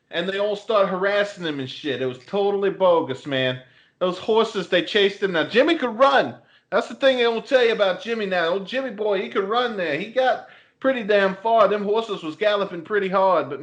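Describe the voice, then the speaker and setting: A man's voice: sits high, a bit bright, highs cut off, pitched above the performer's own voice. A man voicing a foul-mouthed Boston barfly with a Boston accent, rambling and boastful. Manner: rambling, swearing, boastful storytelling.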